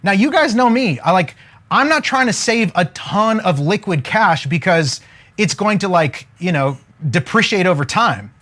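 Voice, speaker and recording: This man speaks in a high voice at a normal speed while coaching on wealth during a live stream. His energy is casual and upbeat, and he jokes and preaches while repeatedly asking viewers to leave comments.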